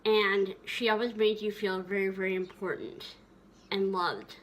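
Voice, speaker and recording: A woman's voice: mid-range voice, steady tone, measured pace, slight background noise. A woman vlogger reminiscing tenderly in a casual, rambling way, with many fillers and restarts.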